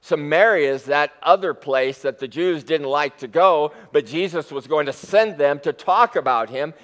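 Animated male preacher in a reverberant hall. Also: fairly high pitch, normal speed. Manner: animated storytelling, acts out quotes with rising emphasis. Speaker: pastor. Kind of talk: sermon.

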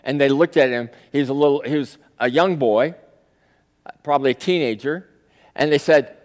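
A man preaching a sermon in a conversational storytelling style that swells into forceful peaks. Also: mid-range voice, moderate pace. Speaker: pastor. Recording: long reverb of a large hall.

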